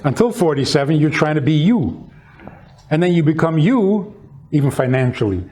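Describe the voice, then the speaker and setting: Man, rabbi, reflective storyteller, fairly high voice, mellow warm tone. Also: animated, moderate pace. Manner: storytelling, reflective, acts out quotes with raised pitch. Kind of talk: conversational teaching.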